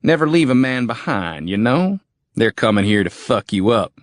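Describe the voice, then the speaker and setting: A man's voice: mid-range voice, sing-song, normal speed, dry recording, studio quality, voice pushed up, natural voice. A man doing a sneering redneck veteran. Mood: defiant. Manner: drawling, foul-mouthed, taunting. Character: crude cocky male army veteran thug, sneering. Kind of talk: audiobook character voice.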